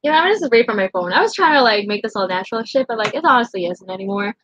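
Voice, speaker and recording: A woman's voice: a little high, expressive, racing, a bit bright, dull audio, slight background noise. A young woman in her late teens rambling emotionally through a casual storytime vlog, full of fillers. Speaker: vlogger.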